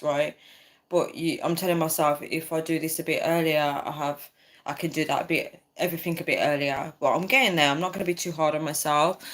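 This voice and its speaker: A woman chatting casually on a livestream, rambling and reading out viewer comments. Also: deep voice. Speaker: livestream host.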